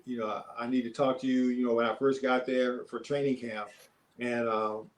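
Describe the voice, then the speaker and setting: An older man, a former basketball player, telling stories as a podcast guest in a relaxed, rambling way with many fillers. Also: mid-range voice, normal speed, low-quality recording. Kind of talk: casual storytelling.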